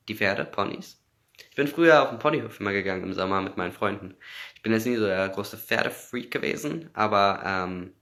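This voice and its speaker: Native English-speaking man on a phone livestream, low and forceful, answers fan comments casually and moves between English and German. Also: gravelly. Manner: reads out comments, laughs often, switches between English and German.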